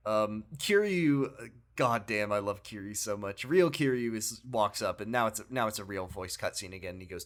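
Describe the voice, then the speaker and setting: A man's voice: fairly low pitch, normal speed. A man co-hosting a podcast, casually retelling a video game story with laughs and acted-out lines. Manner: animated, laughing, acts out characters' lines. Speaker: podcast co-host.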